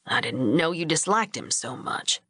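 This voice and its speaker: Woman doing a calm, low-voiced rancher dad. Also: normal speed, husky, full character voice. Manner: low, even, quietly firm. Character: big gruff rancher father, calm, steady.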